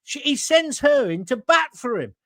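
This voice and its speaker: A blunt, combative middle-aged man hosting a talk show, his pitch swinging widely as he mocks and argues. The sound is dry and close, with no room echo. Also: very animated, moderate pace, fairly bright tone. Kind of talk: opinionated commentary reading viewer comments.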